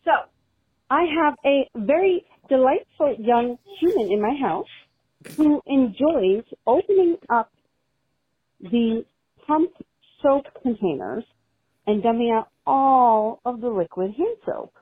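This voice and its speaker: A woman caller leaves a voice message and tells her story in a measured, wry way. Her voice is slightly high and husky. It comes through a tinny, dry phone line. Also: expressive, no echo. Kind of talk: recorded voice message.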